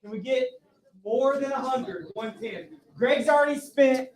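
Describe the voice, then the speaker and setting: A man's voice: extremely high pitch, animated, a little slow. A man auctioning off a keepsake at a political rally, playfully prodding the bidders. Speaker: fundraiser auctioneer. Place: brewery rally. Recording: echoey space with crowd.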